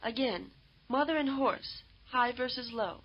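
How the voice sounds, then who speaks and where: A woman giving scripted instructional narration for a language course, in a measured, explanatory way. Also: a little high. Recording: dull lo-fi tape audio.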